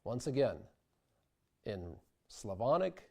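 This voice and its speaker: Guy explaining pronunciation real slow and careful, warm low-key tone. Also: animated. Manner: careful, deliberate demonstration of vowel sounds. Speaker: diction instructor. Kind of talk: scripted instructional narration.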